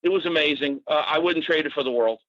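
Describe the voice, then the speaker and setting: A man in his sixties from Massachusetts, a podcast guest telling stories in an animated, casual way with swearing and fillers. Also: fairly high pitch, quick pace, no room sound. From Natick, Massachusetts. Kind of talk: casual storytelling. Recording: dull dry podcast audio.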